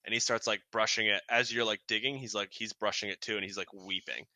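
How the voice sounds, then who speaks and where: Bright-voiced male game master. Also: lowish voice, fairly even intonation, fast talker, dry recording, clean studio sound. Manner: loose and rambling, lots of restarts. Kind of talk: narrating a tabletop game.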